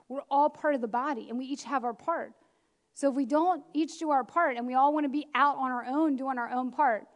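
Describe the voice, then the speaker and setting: High-voiced woman preaching conversationally. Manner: animated, chatty, self-deprecating asides. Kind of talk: conversational sermon.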